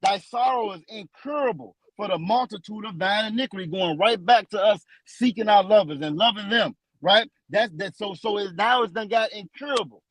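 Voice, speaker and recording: A man teaching from scripture in a preaching style, emphatic and repetitive, slowing down to read verses aloud. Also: sits high, fairly bright tone, no echo, rough recording. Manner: emphatic and repetitive, restates lines for stress; slows down when reading verses aloud.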